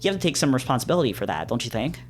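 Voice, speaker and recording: A man voicing a level-headed male musician in a visual novel, calm and reasonable, with guitar music behind. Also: medium pitch, very fast, lightly acted.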